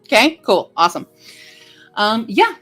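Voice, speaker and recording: A woman livestreamer chatting casually with her viewers, rambling and filling pauses with lots of ums and uhs. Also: fairly high pitch, big pitch swings, fairly bright tone, soft background music. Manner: chatty and rambling, with many fillers. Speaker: livestreamer greeting chat. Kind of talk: casual live-stream chat.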